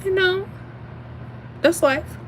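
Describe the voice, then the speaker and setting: Hosting a casual livestream, a woman chats with sass, tells animated stories, and reads viewer comments. Her very high-pitched voice moves slowly, and there's slight background noise.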